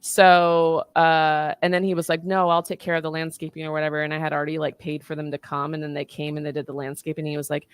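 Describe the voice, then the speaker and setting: A thirties woman tells a personal story in casual conversation, her low, resonant voice clear and quick with hardly a pause. She's animated, acting out the voices of the people whose words she quotes.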